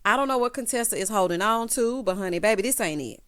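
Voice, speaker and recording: A woman's voice: medium pitch, expressive, quick pace, fairly bright tone, smooth. A woman recapping a reality show in a chatty, sassy way, full of quips like "child" and "honey". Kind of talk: casual opinionated show recap.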